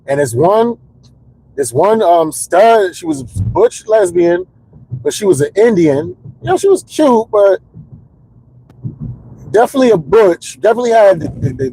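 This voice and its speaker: A man's voice: sits high, vocal fry, warm tone, no room sound, rough recording. A stand-up comedian telling candid, rambling comedic stories in casual chat, repeating words as he builds the jokes.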